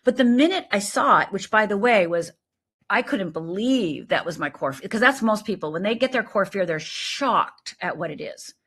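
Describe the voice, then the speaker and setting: A middle-aged woman, a life coach, talking in an animated, emphatic way as an interview guest. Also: mid-range voice, normal speed, slightly rough. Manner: animated, emphatic, lively storytelling with quoted voices. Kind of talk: conversational interview.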